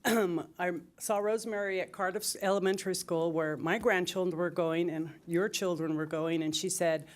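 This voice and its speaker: A woman's voice: fairly low pitch, brisk, few pauses. An older woman at a city council podium tells fond stories in tribute, emotional and close to tears. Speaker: public commenter. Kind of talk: public comment tribute.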